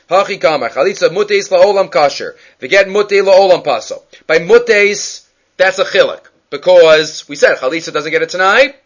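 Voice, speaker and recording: A man's voice: sits high, fairly bright tone. A man teaching a Talmud class, reading the texts aloud in a chanting lilt and then explaining them in loose, casual asides. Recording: dull lo-fi recording.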